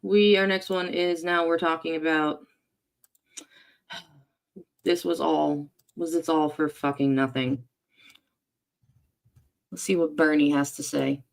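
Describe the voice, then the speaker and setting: A podcast co-host with a mid-pitched voice talks calmly in casual chat. The tone is even as they explain a point and steer to the next segment. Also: takes it slowly, creaky, long pauses.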